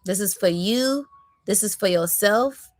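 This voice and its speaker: A woman giving a live spiritual tarot reading, talking in affirming, repetitive phrases that break into sudden excitement. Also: medium pitch, unhurried, dry recording.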